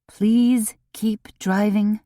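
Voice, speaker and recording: Woman voicing a pushy, excitable lady sleuth. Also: mid-range voice, extremely slow, no echo, clean studio sound, pitched above the performer's own voice. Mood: urgent. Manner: urgent, pleading.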